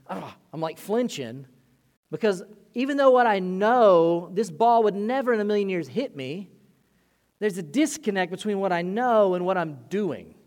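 Pastor, man, 30s: sermon with animated storytelling, loud to hushed, slightly high voice, long church-hall reverb.

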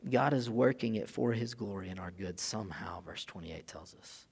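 Animated preacher in a reverberant hall. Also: male voice, low-pitched, normal speed, creaky, husky. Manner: animated, rising to loud emphatic peaks when reading scripture; casual asides with filler and restarts. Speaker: pastor. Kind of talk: sermon.

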